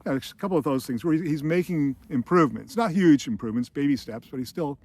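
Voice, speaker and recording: A man's voice: on the high side, fast, a little mellow, breathy edge, no echo. A man hosting film commentary, retelling scenes casually, rambling with chuckles and fillers.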